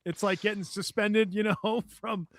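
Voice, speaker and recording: A man with a high voice spins an animated story in casual chat, laughing often and slipping into the voices of the people he describes. The sound is close and dry, with no room around it. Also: measured pace, creaky, dry recording. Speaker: podcast guest.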